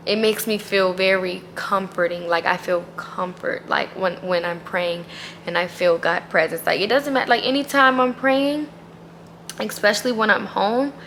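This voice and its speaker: In a casual faith vlog, a woman shares her beliefs earnestly and emphatically, her speech packed with "like." She has a mid-range, fairly bright voice with fairly even intonation and a slightly slow pace, and there's a bit of background noise.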